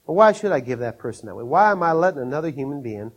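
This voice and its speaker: Folksy older male preacher, slightly high voice. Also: sing-song, fast, dull audio. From Minnesota, USA. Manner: storytelling, chuckles often, acts out scenes in a raised voice. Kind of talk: sermon with folksy stories.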